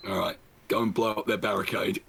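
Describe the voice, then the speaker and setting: A man's voice: on the low side, level tone, a little fast, vocal fry, fairly bright tone, slight background noise. A man in casual co-op gaming chat, bantering with theatrical mock outrage. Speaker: co-op stream guest.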